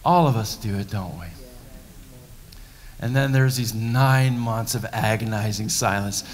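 A male pastor preaches a sermon in a church sanctuary, conversational and emphatic, acting out scenes as he goes. His voice is fairly low and a little slow. The church hall gives the recording a long reverb.

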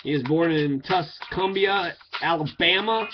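A political commentator from Kentucky, with a somewhat high voice and a measured pace, delivers an angry rant about politics. He swears freely and addresses his target directly by name, while music plays clearly beneath a dull, lo-fi recording.

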